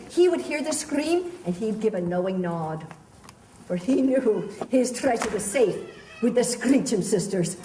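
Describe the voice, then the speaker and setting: A woman's voice: a little high, animated, measured pace, mellow, slight background noise. A woman leading children through an interactive pirate story, playful and theatrical, coaxing them along with pet names. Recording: echoey room, picked up from a distance.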